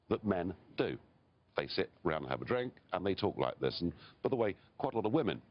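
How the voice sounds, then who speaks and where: A man's voice: low-pitched, dull audio. A man from Britain, a political guest on a live TV interview, talking bluntly and emphatically with chuckles between points.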